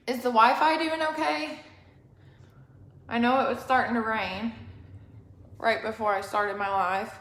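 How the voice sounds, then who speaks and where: A woman's voice: a little high, fairly bright tone. A young woman hosting a casual live-stream makeup tutorial, chatty and rambling, a bit out of breath. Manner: chatty, rambling, apologetic asides. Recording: echoey room.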